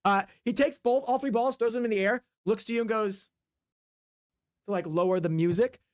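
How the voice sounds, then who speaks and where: A woman's voice: on the high side, moderate pace, darkish tone, no room sound, clean studio sound. A woman narrating as game master of a tabletop game, rambling with many fillers and sound effects. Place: home desk.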